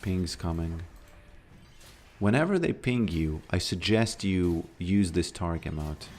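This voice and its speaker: He speaks slowly in a low-pitched, darkish tone, yet his intonation stays lively. This Latvian man, accent clearly Latvian, streams a game while chatting casually and rambling with lots of fillers.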